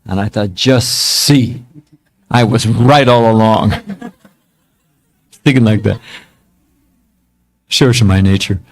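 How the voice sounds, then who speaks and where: A man's voice: lowish voice, takes it slowly, long pauses. A man in his seventies, a monk giving a spiritual talk, telling stories from his past in a casual, self-mocking way. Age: 70s.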